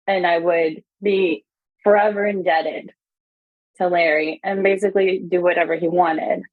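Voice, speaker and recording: A woman guest in a conversational interview, candidly retelling events with many fillers and animated quotes. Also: fairly low pitch, no echo, narrow, tinny audio.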